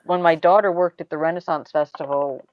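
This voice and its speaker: Chatty American woman, low and dry. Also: steady tone, no echo, highs cut off. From United States. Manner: chatty storyteller, quick laughs, trailing asides. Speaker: show host. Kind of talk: casual chat.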